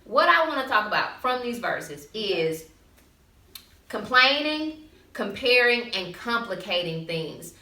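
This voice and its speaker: A woman co-hosting a talk show, retelling a scripture story in a loose, slangy, lively way. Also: medium pitch, slow. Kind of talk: casual faith-segment storytelling. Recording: roomy, mic at a distance.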